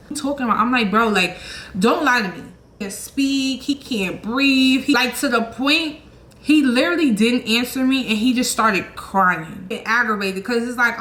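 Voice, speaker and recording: A young woman telling a storytime vlog, animated and blunt, swearing freely and acting out her own quoted lines. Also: fairly high pitch. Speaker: channel host. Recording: echoey room with faint noise.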